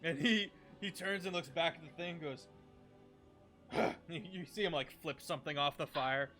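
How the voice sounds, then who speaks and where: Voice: mid-range voice, moderate pace, a bit bright, faint music behind. A game master narrating a streamed tabletop game, with hesitant fillers and frequent laughter.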